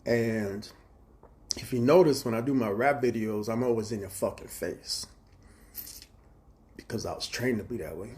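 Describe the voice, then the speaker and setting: A man in his forties on a live stream, telling rambling, profane stories with reenacted quarrels and sometimes trailing off into low mutters. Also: moderate pace, long pauses, darkish tone. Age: 40s. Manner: profane, agitated storytelling with reenacted dialogue. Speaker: livestreamer.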